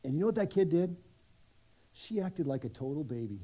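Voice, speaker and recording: A man's voice: a little high, animated, a little fast, mellow. A middle-aged man preaching a sermon at a church service, conversational and self-deprecating, with many restarts. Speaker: pastor.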